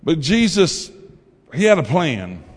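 Slow and sing-song, a slightly high male voice with a breathy edge shares his testimony during a sermon. His storytelling is folksy, he performs the quotes, and a long hall reverb lingers.

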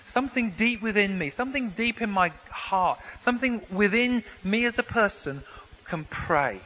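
A man preaching a sermon in a relaxed, conversational way, often restarting and repeating words as he explains. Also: high-pitched, moderate pace. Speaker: pastor. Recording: long hall reverb, faint background noise.

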